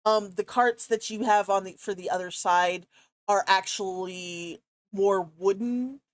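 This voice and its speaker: A woman's voice: mid-range voice, unhurried, dry recording. A woman running a tabletop game as game master, talking casually with many fillers.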